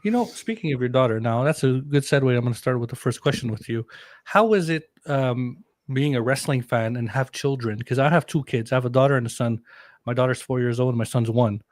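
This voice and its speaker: A man hosting a podcast interview, jokey and excitable, laughing often. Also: medium pitch, brisk, dry recording. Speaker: podcast host. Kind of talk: casual interview chat.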